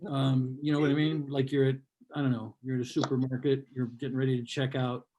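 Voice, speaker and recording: A man's voice: mid-range voice, flat delivery, a little fast, dark tone, lo-fi sound. An older man performing a stand-up comedy set, ranting in a sardonic, mock-hostile way, recorded live at a comedy show. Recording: live comedy club with audience.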